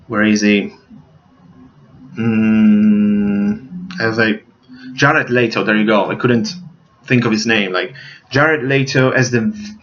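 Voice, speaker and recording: A man's voice: medium pitch, a bit bright, a little hiss or hum. Rambling man reviewing films, lo-fi. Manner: rambling, searches for names, many fillers. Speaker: movie reviewer. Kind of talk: casual movie review.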